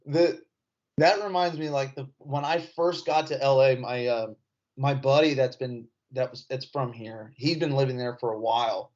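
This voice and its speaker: A man's voice: medium pitch, fairly even intonation, normal speed, darkish tone. A man from Indiana with a rural Indiana accent, a comedian telling stories as a podcast guest in a laid-back, rambling, self-mocking way. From Indiana, USA. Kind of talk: casual storytelling chat. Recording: slightly dull podcast audio.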